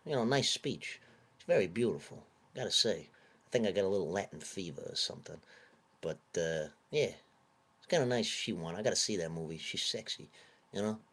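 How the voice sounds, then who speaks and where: A man ranting in a put-on Italian-American mobster accent, rambling and swearing with gruff wise-guy swagger. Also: deep voice. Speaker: vlogger. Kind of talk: comic rant in a tough-guy persona.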